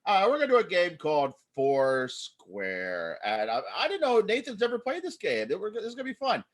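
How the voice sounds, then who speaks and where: High-voiced chatty improv host. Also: male voice, huge pitch swings, moderate pace. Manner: chatty, rambling, upbeat. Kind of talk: zoom improv show hosting. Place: home via video call. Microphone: video call.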